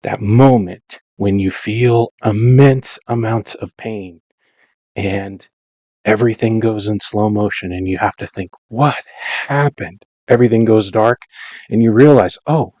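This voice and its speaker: A man's voice: on the low side, a little mellow, no echo. A man narrating his own gameplay in a rambling, self-mocking, dramatized way, in a casual voice-over. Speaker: Minecraft let's-play narrator.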